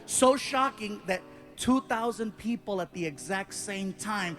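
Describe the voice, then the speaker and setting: A man in his forties telling a stand-up story on stage, animated and bursting into loud voices for the punchlines. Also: high-pitched, a little slow, soft background music. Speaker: stand-up comedian. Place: stage before a large audience.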